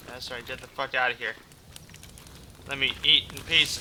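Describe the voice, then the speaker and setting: A man's voice: mid-range voice, fairly even intonation, normal speed, pauses often, pushed and bright, a little hiss or hum. A man doing let's play commentary, swearing constantly and yelping in panic at enemies over game sounds. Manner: profane, panicky, yelps and curses at enemies. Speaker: gaming YouTuber.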